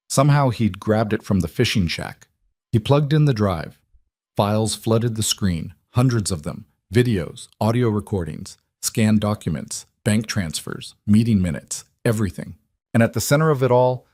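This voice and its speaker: A man narrating a dramatic story in steady, scripted storytelling. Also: fairly low pitch, no echo, studio quality.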